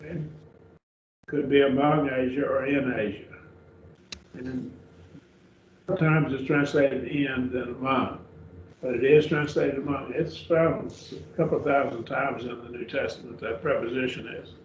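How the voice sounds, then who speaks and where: A man teaching a Greek grammar class in a church classroom, speaking slowly and deliberately, repeating and spelling out words. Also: mid-range voice, fairly even intonation. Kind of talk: classroom lecture. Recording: echoey room, dull far-off mic, faint hiss.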